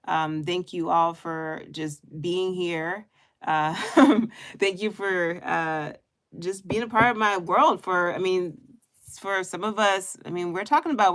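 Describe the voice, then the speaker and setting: A woman's voice: lowish voice, a bit bright. A woman vlogger talking casually to her viewers, heartfelt and chatty, with many fillers and restarts. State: getting emotional. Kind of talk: casual talk to camera.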